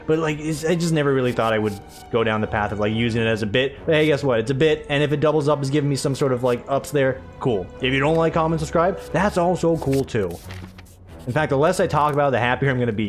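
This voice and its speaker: A man's voice: mid-range voice, fast, faint music behind. A young man chatting casually through a let's play, rambling and self-deprecating. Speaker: gaming YouTuber.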